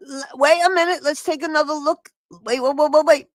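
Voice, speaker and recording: Excitable woman chatting to stream viewers. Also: high voice, brisk, no echo, studio quality. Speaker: streamer host. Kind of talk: casual live-stream chat.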